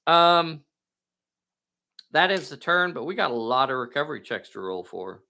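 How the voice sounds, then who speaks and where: Game-master host, folksy and eager, slightly raised pitch with a gravelly edge. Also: male voice, big pitch swings, normal speed, pushed and bright. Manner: folksy and enthusiastic, talks to viewers directly. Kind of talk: live narration of a tabletop game.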